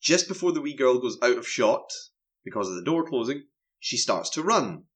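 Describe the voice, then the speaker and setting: A man's voice: medium pitch, sing-song, moderate pace. A man, co-hosting a casual film review chat and animatedly recapping scenes. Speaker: film podcast co-host.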